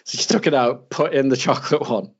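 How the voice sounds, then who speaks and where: A British man in casual chat, telling an animated story and mimicking people in a higher voice. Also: fast, breathy edge. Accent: British English. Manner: animated, acts out quotes in a higher voice. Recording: slightly dull lo-fi sound.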